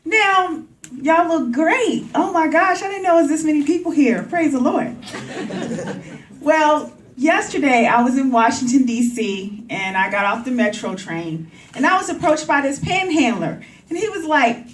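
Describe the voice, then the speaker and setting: A woman performing clean stand-up comedy on a coffee house stage, talking straight to the crowd in an animated way. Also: sits high, moderate pace. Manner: animated, addresses crowd directly. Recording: roomy, from a distance.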